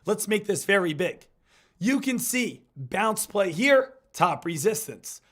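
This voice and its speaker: A hoarse man, getting over an illness, giving hyped, repetitive live market commentary as a stock trading streamer. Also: sits high, big pitch swings, takes it slowly, fairly bright tone.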